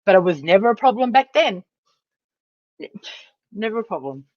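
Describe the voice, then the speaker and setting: A woman's voice: mid-range voice, sing-song, normal speed, dry recording, lo-fi sound. A woman hosting a livestream, ranting in a heated, profane, emphatic way. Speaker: livestream host. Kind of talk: angry livestream rant.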